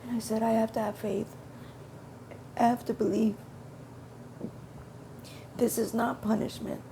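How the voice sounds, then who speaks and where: A woman's voice: on the high side, little pitch movement, measured pace, vocal fry, dark tone, a little hiss or hum. A woman telling a personal religious testimony in an earnest, repetitive storytelling way, quoting her prayers. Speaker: testimony speaker.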